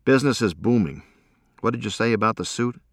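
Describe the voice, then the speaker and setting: A man reading an audiobook, voicing a weary, brisk male trauma doctor who talks in clipped, absent-minded bursts. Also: on the low side, no room sound, studio quality, voice pushed up. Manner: brusque and clipped, muttering absently.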